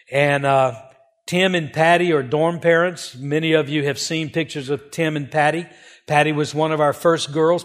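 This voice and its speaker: Older male missionary, fairly high pitch, earnest heartfelt storyteller narrating slides to supporters. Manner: earnest, emotional storytelling with repeated phrases.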